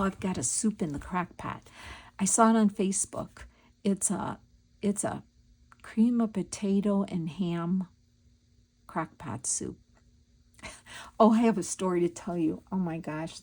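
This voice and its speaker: A woman's voice: lowish voice, warm tone, breathy edge. A woman hosting a crafting video, chatting casually and telling stories while she works. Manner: chatty, storytelling, thinks aloud while working. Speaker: crafting channel host.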